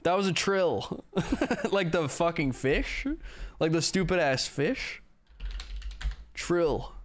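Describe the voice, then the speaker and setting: A man's voice: fairly high pitch, slow pace. A male livestreamer chatting casually with viewers, joking and swearing as he answers their questions. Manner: joking, profane, self-mocking.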